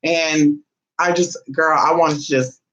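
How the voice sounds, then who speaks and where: A man talking casually and gossipily to his viewers, calling them y'all and honey, swinging from soft asides to loud exclamations. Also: on the high side, fairly even intonation, a little slow, low-quality recording. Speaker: vlogger.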